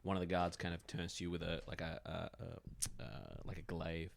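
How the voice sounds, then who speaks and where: A man's voice: sits low, moderate pace, gravelly, slight background noise. A man narrating a tabletop role-playing game as game master, talking loosely with many fillers. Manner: relaxed narration with many fillers, jumps into character voices.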